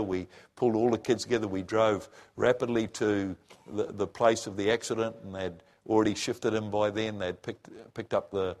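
Middle-aged preacher, lowish voice; an emotional, faltering testimony full of restarts. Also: male voice, darkish tone. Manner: emotional, halting, with many restarts. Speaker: former missionary and preacher. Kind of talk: personal testimony.

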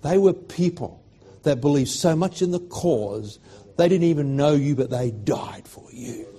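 Husky-voiced Australian preacher, fervent. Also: male voice, a little high, animated, a little slow. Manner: swings from loud fervent declarations to hushed emotional storytelling. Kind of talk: sermon.

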